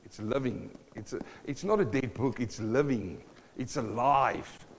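A man's voice: mid-range voice, a little slow, slight background noise. Preaching man in an echoing hall. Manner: animated preaching, repeats phrases, laughs between points. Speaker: pastor. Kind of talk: sermon. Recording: long hall reverb.

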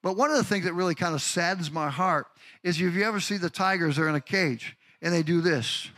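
Animated older male pastor preaching. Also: high voice, brisk. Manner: animated, asks the congregation questions, acts out stories. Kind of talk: sermon.

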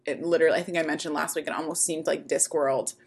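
A woman's voice: low-pitched, steady tone, quick pace, gravelly, breathy edge. A woman co-hosting a podcast, chatting casually in a wry, rambling way with plenty of fillers. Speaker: podcast co-host. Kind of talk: casual chat.

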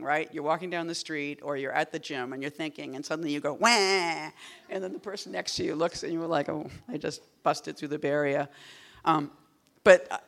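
Woman poet, casual talk at a reading, rambling and digressive, wry deadpan asides. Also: sits low, vocal fry. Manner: rambling and digressive, full of "like" and "you know".

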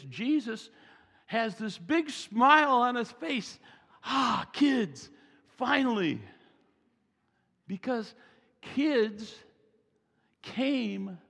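A male pastor preaching a lively sermon, slow and drawn out, acting out the scene with loud voices. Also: high voice, creaky. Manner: slow, drawn-out delivery with big swings in loudness. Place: church sanctuary. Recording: long reverb of a large church hall.

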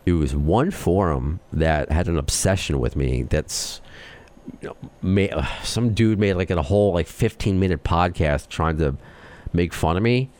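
A man with a New York accent hosting a podcast, talking fast and excitably as he rants. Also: low voice. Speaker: podcast host. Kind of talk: casual chat.

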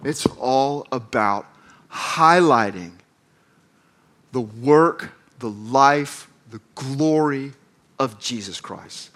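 A man's voice: medium pitch, lively intonation, extremely slow, fairly bright tone. A man in his forties from the American South, a campus minister preaching a conversational sermon with self-deprecating humor. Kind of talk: sermon with storytelling.

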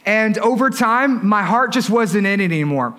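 A man's voice: high-pitched, lively intonation, normal speed, bright, forceful tone. A pastor in his thirties preaching a sermon in a conversational way, often asking the congregation questions. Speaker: lead pastor.

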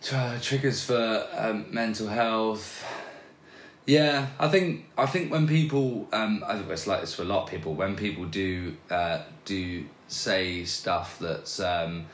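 A man speaks as a podcast guest in a relaxed, halting way, often restarting his sentences. His voice sits fairly low. The recording carries a noticeable room echo. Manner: hesitant, with many restarts and fillers. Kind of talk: casual conversational interview. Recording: roomy echo.

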